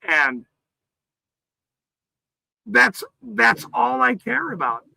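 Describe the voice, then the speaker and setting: A man hosting a livestream, ranting with heavy profanity and frequent shouting. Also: extremely high pitch, very animated, extremely slow, creaky, no room sound, rough recording. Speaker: livestream host.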